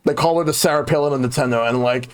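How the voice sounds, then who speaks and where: A man's voice: on the high side, very fast, clean tone. A man on a gaming podcast, talking casually and bluntly, swearing freely. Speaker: podcast panelist. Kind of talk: casual chat.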